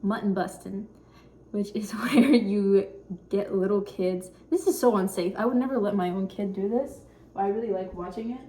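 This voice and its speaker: A young woman in her twenties chatting quietly and shyly while cooking in her home kitchen, rambling with lots of fillers. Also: medium pitch, normal speed, a little hiss or hum. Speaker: vlogger. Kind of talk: casual cooking vlog chat.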